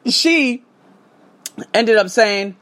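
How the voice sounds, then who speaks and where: A man venting to his audience in a casual, foul-mouthed monologue, his pitch climbing and plunging all over the place. He flips from loud, heated outbursts to quiet, muttered asides, like a teacher who has had enough. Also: expressive, drawn-out words. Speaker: English teacher and podcaster. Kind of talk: casual ranting monologue to viewers.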